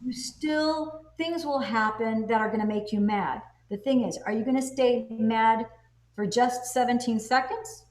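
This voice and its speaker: Emphatic woman host, slightly high voice. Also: unhurried, darkish tone. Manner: emphatic, asks rhetorical questions and answers them. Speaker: host reviewing a self-help book. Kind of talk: casual teaching conversation. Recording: roomy echo.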